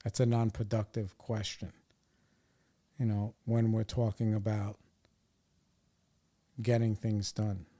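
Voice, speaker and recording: A man's voice: on the low side, takes it slowly, pauses often. A young adult man and podcast host telling a story in casual chat, swearing often and sounding exasperated. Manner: profane, animated, exasperated retelling.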